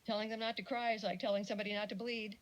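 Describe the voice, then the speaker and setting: A middle-aged woman talking through a casual lecture in an ordinary mid-range voice. She is chatty and animated, and she drops in jokey asides and acts out quick quotes. She keeps the tone informal. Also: medium pitch, low-quality recording. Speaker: speaker giving a talk on parenting.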